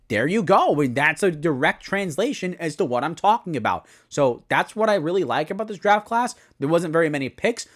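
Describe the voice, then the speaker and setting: A young man giving a solo football season preview, talking it through with animated, self-correcting analysis. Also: a little high. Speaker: sports commentator.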